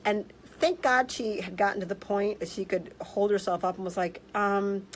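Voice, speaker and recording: Woman health practitioner, blunt and animated, casual vlog storyteller, mid-range voice. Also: medium pitch, moderate pace, a little hiss or hum, rough recording. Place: office.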